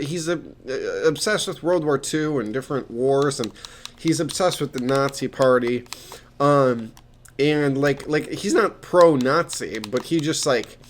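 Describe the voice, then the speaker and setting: A man's voice: mid-range voice, slight background noise. A young man casually telling rambling stories about his job as a peer mentor, with many restarts and fillers, swearing here and there. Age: young adult.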